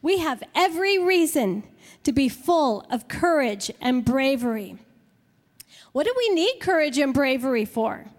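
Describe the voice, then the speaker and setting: A woman with a very high voice preaches at an unhurried pace. She stresses each point and acts out little scenes to make it land. Her voice rings with a long hall reverb. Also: very animated. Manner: slow, emphatic, with playful acted-out examples. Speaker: women's Bible teacher. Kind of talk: sermon.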